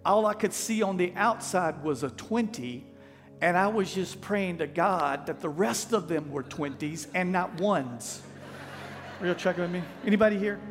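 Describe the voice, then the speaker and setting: A man with a drawl preaches in a lively, folksy way, and he acts out the people in his stories. His voice sits high for a man. It carries through a reverberant church hall with faint music underneath. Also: normal speed. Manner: folksy, animated, acts out quotes. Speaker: pastor. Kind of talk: storytelling sermon. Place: church sanctuary.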